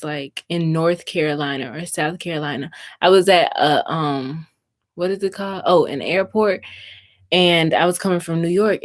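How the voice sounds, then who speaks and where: A young woman from Mississippi, speaking with a Southern US accent in a lowish voice, chats casually on a crafting livestream and answers her viewers' comments.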